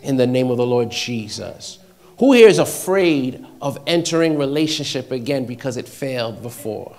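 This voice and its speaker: A man preaching a sermon, repeating short phrases and swinging between loud exhortation and hushed, near-whispered passages. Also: medium pitch, expressive, moderate pace.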